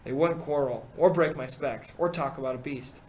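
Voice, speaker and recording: A man's voice: mid-range voice, normal speed, a little mellow, slight background noise, close to an everyday voice, poor audio. A man voicing an earnest boy leader, urgent and insistent, while reading a novel aloud. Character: boy chief, earnest and desperate.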